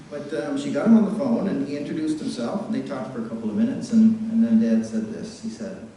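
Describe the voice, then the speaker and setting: A middle-aged man from New Brunswick, Canada, giving a eulogy for his father in a church, telling stories warmly and chuckling at them. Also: mid-range voice, a little fast, a little hiss or hum. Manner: warm anecdotal storytelling, chuckling at his own stories. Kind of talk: funeral eulogy. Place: large church sanctuary. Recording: very echoey church from a distance.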